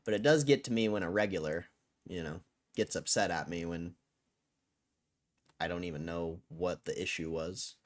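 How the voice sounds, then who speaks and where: Low-key man chatting on a livestream. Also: normal speed, pauses often. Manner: low, flat, mumbling tone he says sounds angry; breaks into song and a high cheery put-on voice as a joke. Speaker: stock livestream host. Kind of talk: casual livestream chat with viewers.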